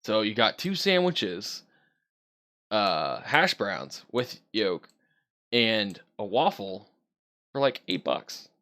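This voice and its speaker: Slow and often pausing, this co-host has a lowish, sing-song voice on a casual podcast. His relaxed chatter wanders, packed with fillers and gentle laughter.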